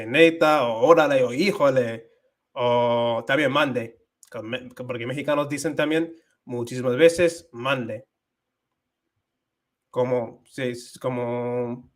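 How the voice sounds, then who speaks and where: A young American man whose first language is English, hosting a casual livestream and switching between English and Spanish with many fillers and restarts. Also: mid-range voice. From United States. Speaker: livestream host.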